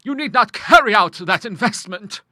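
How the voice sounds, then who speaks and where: A grim, stern older woman, full of scorn, her voice pitched high and bright, as a male audiobook reader puts her on. She speaks with sharp, emphatic force and a lively lilt. The recording is close and dry. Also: moderate pace, dry recording, heavily acted. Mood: vehement. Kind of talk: audiobook character voice.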